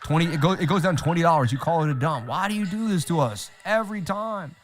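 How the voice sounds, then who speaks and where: A man hosting a live trading stream, talking straight to his chat in an animated, repetitive way. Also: fairly high pitch, quick pace, soft background music. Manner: animated, repeats himself, talks straight to chat. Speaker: livestream host. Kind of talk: casual livestream chat.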